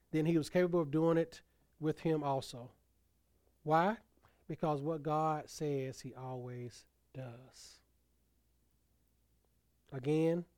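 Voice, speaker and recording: A male pastor preaching a sermon, building to emphatic peaks and letting phrase endings fall soft and low. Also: no room sound, clean studio sound.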